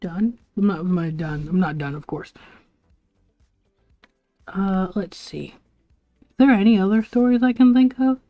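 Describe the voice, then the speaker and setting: A woman's voice: mid-range voice, unhurried, long pauses, phone-quality sound, faint music behind. A young woman livestreaming, rambling through school stories with laughs and lots of "like" and "bro". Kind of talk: casual storytelling to a live chat.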